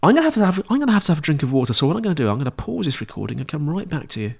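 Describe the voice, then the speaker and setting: A man's voice: fairly high pitch, very animated, rapid-fire, gravelly, breathy edge. Chatty man giving casual tips. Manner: chatty, rambling, with frequent fillers and self-corrections. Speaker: podcast host teaching interview skills. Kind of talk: casual instructional monologue.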